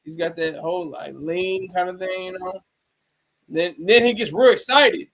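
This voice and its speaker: A man's voice: high voice, normal speed, fairly bright tone. A man giving casual livestream commentary, rambling, restarting sentences and talking back to his chat. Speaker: streamer.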